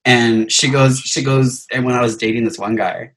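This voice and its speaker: A man's voice: mid-range voice, steady tone, moderate pace, fairly bright tone, poor audio. A young man telling a personal story in casual chat, rambling and full of filler words. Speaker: podcast guest telling a story.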